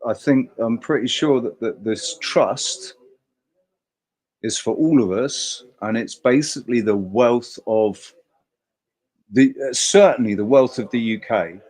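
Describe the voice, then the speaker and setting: A man's voice: medium pitch, a little slow, darkish tone. A man hosting a casual livestream chat, talking emphatically in a rambling way and swearing freely. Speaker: host.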